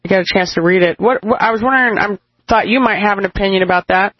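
A woman co-hosting a radio talk show, rambling and halting with many fillers. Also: medium pitch, dry recording. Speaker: radio co-host. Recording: muffled lo-fi radio sound.

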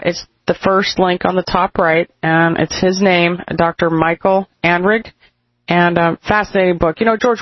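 A woman co-hosting a radio talk show, rambling and halting with many fillers. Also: on the low side, no echo. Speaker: radio co-host. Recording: muffled lo-fi radio sound.

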